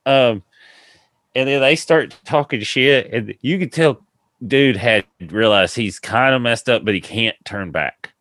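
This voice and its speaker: The voice is a man's, mid-range and measured, recorded with no room sound. As a podcast host in casual storytelling mode, he rambles through a lengthy funny story, laughing and animatedly impersonating the people in it.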